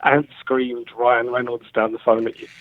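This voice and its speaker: A man calling in to a radio show, chatting in a relaxed, chummy way. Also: medium pitch, moderate pace. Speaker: caller. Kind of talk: casual phone-in chat. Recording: dull dry phone line.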